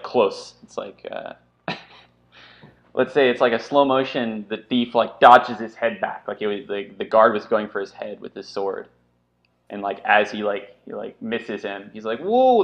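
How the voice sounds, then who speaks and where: A gravelly, fairly low-pitched man runs a tabletop game and narrates the action in a loose, rambling way. The recording sounds dull and lo-fi. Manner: loose, animated narration full of fillers and voiced asides. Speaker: game master.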